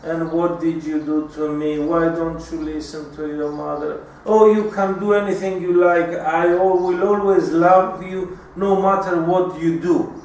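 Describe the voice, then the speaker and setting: A man's voice: on the high side, steady tone, a little slow, few pauses, darkish tone. A man voicing a manipulative middle-aged mother, whiny and pleading in a theatrical way. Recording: echoey room, mic far off.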